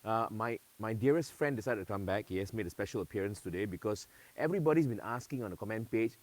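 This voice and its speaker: A man's voice: on the low side, expressive, fast talker, darkish tone, no room sound. A man with a Singaporean accent hosting a live-streamed event, chatty and playful, slipping into local slang. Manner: talking to dogs while presenting. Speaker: event host.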